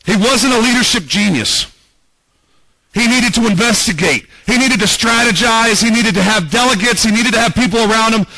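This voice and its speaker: High-voiced, bright-toned preacher man. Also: moderate pace, creaky, no room sound, poor audio. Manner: dramatic, acts out quoted prayers and voices. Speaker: pastor. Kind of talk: sermon. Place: church.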